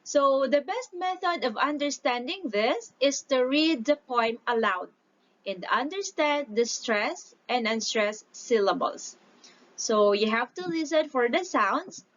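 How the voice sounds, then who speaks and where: A woman teacher giving a recorded lesson, explaining slowly and deliberately, stretching out syllables when she reads example lines aloud. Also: high-pitched, lively intonation, a bit bright. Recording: dull lo-fi recording.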